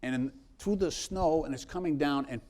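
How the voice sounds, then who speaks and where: A man's voice: a little high, moderate pace, a little mellow. Man spinning a rambling yarn. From South Boston. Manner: rambling anecdotes with many restarts. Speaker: congressman. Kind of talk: storytelling in a live interview.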